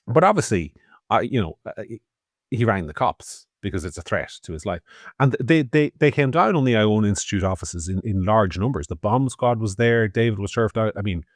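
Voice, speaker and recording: A man's voice: on the low side, lively intonation, moderate pace, dry recording, studio quality. An Irish man co-hosting a podcast, giving opinionated political commentary in a sardonic, swearing tone. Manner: sardonic, swearing, swings loud and soft. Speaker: podcast co-host.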